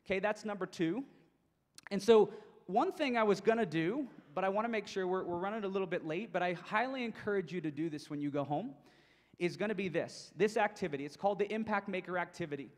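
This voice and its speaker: A man with a high, bright voice delivers an energetic keynote to coaches, pressing his points with emphatic repetition. His voice carries a long reverb, as if in a large hall. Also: brisk. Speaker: motivational speaker for coaches. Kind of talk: keynote presentation.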